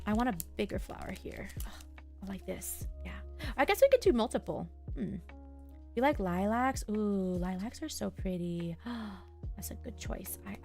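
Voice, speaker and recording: A young woman chats softly and casually on a live stream, full of fillers and little asides as she works. Her voice carries a light gravelly fry. A faint layer of music plays behind her. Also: medium pitch. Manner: soft, musing, talks to herself and chat with many fillers. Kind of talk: casual live-stream chat while journaling.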